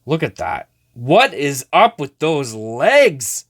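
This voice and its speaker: Lively slow-talking man. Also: a little high. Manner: chatty, talks to viewers while sorting cards. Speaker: host. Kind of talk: casual card-opening vlog.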